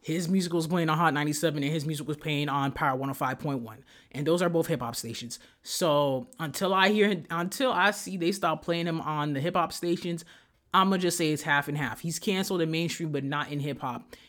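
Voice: mid-range voice, a little fast, fairly bright tone. A young adult podcast host in a heated, profane solo rant, speaking straight to the listeners. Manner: direct address to listeners.

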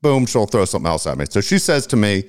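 Fast-talking man in casual podcast banter. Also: lowish voice, sing-song. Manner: profane, rambling storyteller. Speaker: co-host.

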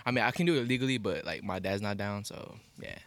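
A man's voice: on the low side, quick pace, a bit bright. An eighteen-year-old man chatting casually with friends in a laid-back, slangy way. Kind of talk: casual chat among friends.

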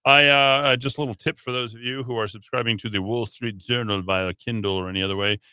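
A man's voice: mid-range voice, steady tone, quick pace, pushed and bright, smooth, no echo. A man hosting a talk radio show in a studio, reading news headlines and wandering into rambling asides with lots of filler words. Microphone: studio microphone.

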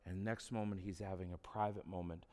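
A man's voice: low voice, fairly even intonation, quick pace, mellow, in a large hall. A man preaching a sermon in a conversational, humorous storytelling way. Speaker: pastor.

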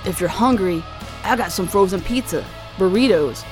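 A woman putting on a clumsy impression of a gruff male action-movie hero, halting and hammy, every sentence lifting like a question. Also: medium pitch, a little mellow, faint music behind, lightly acted.

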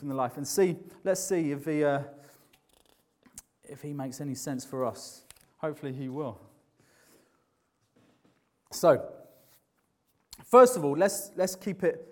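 A man preaching a sermon in a conversational, earnest way, often restarting his sentences. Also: a little high.

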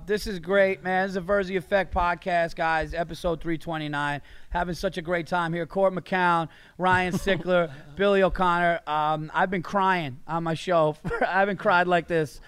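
A man's voice: high-pitched, a little slow, pushed and bright, clean tone, no echo. A man hosting a comedy podcast, telling loose, profane stories and laughing hard. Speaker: podcast host. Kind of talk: casual comedy podcast chat. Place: festival podcast recording.

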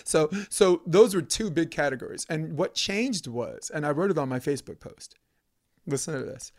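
A man's voice: on the high side, lively intonation, moderate pace. A man from Brooklyn, a podcast guest ranting heatedly and profanely, hammering points through repetition. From Brooklyn, New York. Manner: profane, emphatic, repeats phrases for emphasis. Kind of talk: heated conversational rant.

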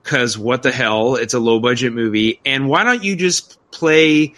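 A man with a bright, forceful voice talks through a film review. He sounds animated and incredulous, trips over restarts, and circles back to the same complaint. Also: mid-range voice, unhurried. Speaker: podcast co-host. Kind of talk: casual film review chat.

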